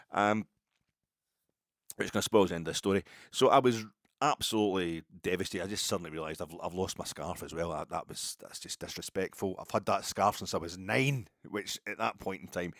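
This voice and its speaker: A man's voice: deep voice, fairly bright tone, dry recording, studio quality. A middle-aged Scottish man telling a rambling, self-mocking story on a podcast. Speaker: podcast host. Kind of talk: casual storytelling.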